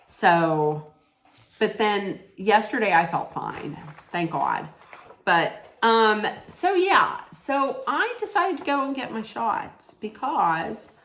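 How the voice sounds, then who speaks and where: Slow-talking lady rambling thru a story, lotsa ums, echoey room. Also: medium pitch, expressive, fairly bright tone. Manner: rambling, many fillers and restarts. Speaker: vlogger. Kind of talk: casual storytelling chat.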